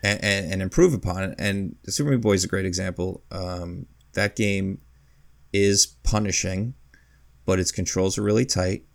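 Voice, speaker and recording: A man with a deep, gravelly voice chats casually as a podcast co-host. He rambles through long lists with the odd chuckle, and the sound is close and dry. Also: moderate pace, no echo. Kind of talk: casual podcast chat about video games.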